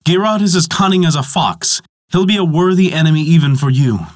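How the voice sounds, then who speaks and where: A man's voice: on the high side, brisk, voice pushed up, lightly acted. A man voicing a giantess who speaks sharply and insistently as she warns her guest. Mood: urgent. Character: sharp-tongued giantess, wary and urgent.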